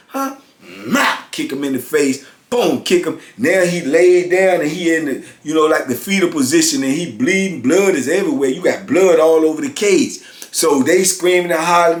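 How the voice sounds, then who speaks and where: A man in his fifties spins a story with easy street slang, leaning on "man" and "you know" as he goes. His voice sits a little high for a man. The room around him is echoey and roomy. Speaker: storyteller recounting prison life. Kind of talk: casual storytelling. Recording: roomy echo.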